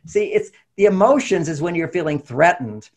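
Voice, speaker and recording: Brief: male interview guest, gravelly and a little husky, animated advice-giver. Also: a little high, moderate pace. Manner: animated, acts out quoted voices, laughs often. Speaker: relationship author and guest. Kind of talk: conversational interview talk.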